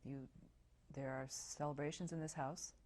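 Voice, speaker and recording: Woman interviewer, low-pitched, gentle and encouraging, oral history session. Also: fairly even intonation, normal speed.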